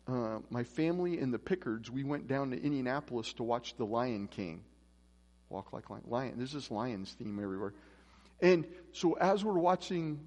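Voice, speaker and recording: The pastor, a man with a medium-pitched and slightly mellow voice, delivers an informal, conversational sermon in an echoey church hall. He voices the people in his stories as he goes.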